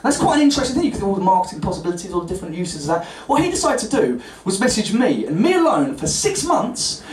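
Young man, stand-up comedy, high voice, animated, echoing distant stage, crowd. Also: fast. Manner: animated, exclaiming, climbing high at punchlines. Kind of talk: live stand-up storytelling. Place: live comedy venue on stage. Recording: echoey stage from far off with audience.

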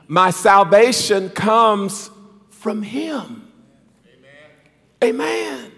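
A male pastor preaching a sermon in a church sanctuary, calling for responses from the congregation and swelling into shouts. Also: very high voice. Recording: long reverb of a large church hall.

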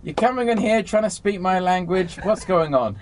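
An English man, a magician and comedian, trading jokes in a grumpy, deadpan way during a TV interview. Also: high voice, normal speed, slight background noise. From England. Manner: dry, deadpan, grumpy humor. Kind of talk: comic TV interview via video link.

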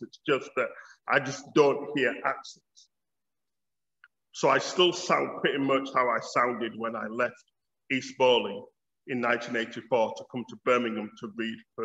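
Speaking in a bright, forceful, medium-pitched voice, a Yorkshire-accented man in his fifties from Bradford, England, lectures the public as a theology professor, telling stories with a wry edge. The audio is dull and carries a long hall reverb.

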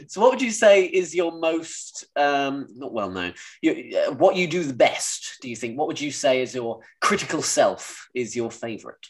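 A man's voice: medium pitch, big pitch swings, measured pace, fairly bright tone. A man hosting a casual interview, joking, laughing along and phrasing questions loosely. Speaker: interviewer host.

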